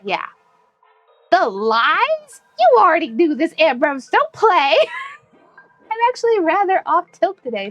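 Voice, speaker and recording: A young woman streaming, chatting with her viewers in a bubbly, giggly voice that she pitches above her natural one. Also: dry recording, dull audio. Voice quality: put-on higher bright stream voice. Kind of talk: casual live-stream chat.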